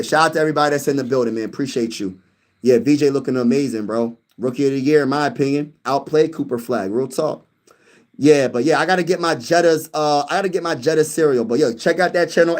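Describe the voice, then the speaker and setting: A man hosting a casual sports livestream, reading viewer comments and talking with boastful hype and lots of slang. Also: mid-range voice. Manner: hyped and boastful, repeating phrases for emphasis; slangy street talk, calls listeners bro and baby. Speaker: sports channel host.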